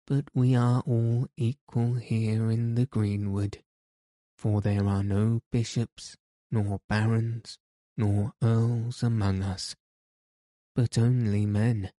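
A man's voice: fairly low pitch, flat delivery, slow pace, warm tone, no echo, clean studio sound. A man voicing a courteous outlaw leader in an audiobook, speaking with mock solemnity. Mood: mock-grave. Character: grave, courteous male outlaw leader, gently mocking. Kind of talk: audiobook character reading.

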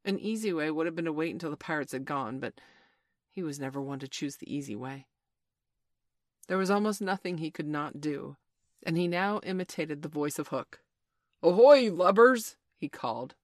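A woman reading a children's classic aloud as narrator, steady and expressive. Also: sits low, moderate pace, no room sound, studio quality.

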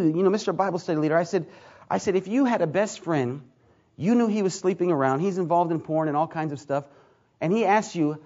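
A man's voice: sits high, dull audio. A male pastor telling a story in a sermon, acting out the lines of the people in it. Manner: animated storyteller acting out dialogue.

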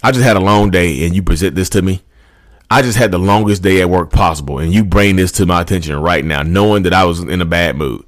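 A man voicing a defensive partner who deflects blame in a lowered, aggrieved tone. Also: quick pace, no echo, clean studio sound, lightly acted. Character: defensive gaslighting partner, adult.

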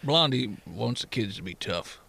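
A man's voice: medium pitch, lively intonation, moderate pace, creaky, sharp tone, slightly rough, dry recording, pitched below the performer's own voice, full character voice. A game master playing an exhausted male dragonborn miner in a tabletop game, talking in weary, hesitant mumbles. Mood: tired. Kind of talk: game master voicing a character.

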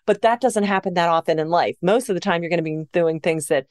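A woman hosting an interview who responds to her guest with warm enthusiasm. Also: on the low side, fast, dry recording, studio quality. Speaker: podcast host. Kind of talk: conversational interview.

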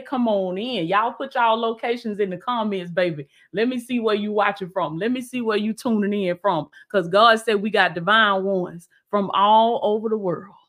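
A woman's voice: medium pitch, fairly bright tone. A woman coach and preacher on a live stream, greeting viewers and preaching, exuberant and repetitive. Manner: exuberant, repeats lines, calls viewers "baby".

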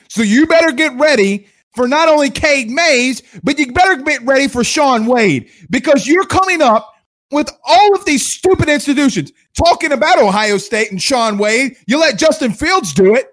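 A man's voice: very high voice, lively intonation, normal speed, a bit bright. A man from Louisiana hosting a sports livestream, ranting in a combative, sarcastic way. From Louisiana, USA. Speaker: sports show host.

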